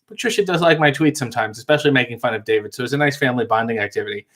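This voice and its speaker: A male host reading out live chat comments and answering them with wry, deadpan jokes in a casual live-stream chat. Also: mid-range voice, rapid-fire.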